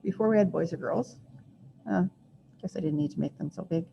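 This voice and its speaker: A woman's voice: fairly low pitch, fairly quick, gravelly. A woman teaching a recorded math lesson, chatty and self-deprecating, thinking aloud as she draws. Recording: muffled lo-fi recording, faint hiss.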